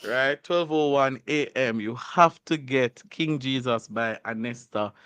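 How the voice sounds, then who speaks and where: A man's voice: mid-range voice, unhurried, smooth, dry recording. A man hosting a radio show in a studio, teasing and laughing as he chats with a guest. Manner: teasing, animated, laughs often. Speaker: radio host. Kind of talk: playful casual radio chat.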